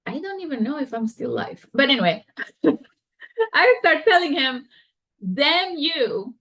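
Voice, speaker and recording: A woman hosting a podcast, telling a personal story in a candid, halting and expressive way. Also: high-pitched. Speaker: podcast host.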